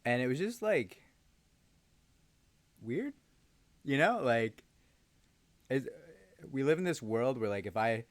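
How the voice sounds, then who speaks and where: A man's voice: mid-range voice, expressive, takes it slowly, pauses often, dry recording. A man who hosts a legal channel, telling a story casually with rambling, sarcastic asides and frequent ums. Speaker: lawyer host.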